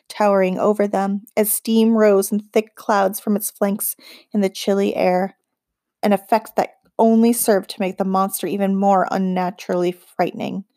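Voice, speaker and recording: A woman narrating an audiobook in a steady, measured storytelling voice on a close studio mic. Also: medium pitch, dry recording.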